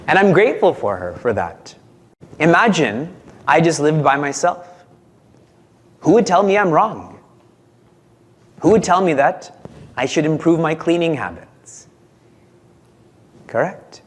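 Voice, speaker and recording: Animated male spiritual teacher giving a discourse. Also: mid-range voice, a little hiss or hum. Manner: conversational, asks the audience questions, chuckles often.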